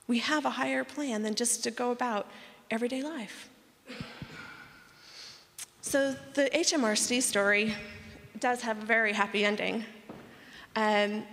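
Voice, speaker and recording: A woman in her thirties giving an animated testimony talk to a conference audience, acting out the people in her story. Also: fairly high pitch, measured pace, long pauses, a little hiss or hum. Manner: animated storyteller, acts out quoted voices. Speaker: speaker at women's conference. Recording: long hall reverb.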